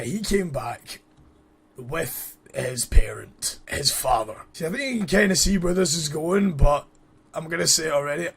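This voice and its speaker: A man's voice: mid-range voice, vocal fry. A young man, telling a storytime anecdote over gameplay and reacting to the game as he goes. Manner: animated, breaks off to react to the game. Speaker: gaming storyteller. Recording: background music under voice.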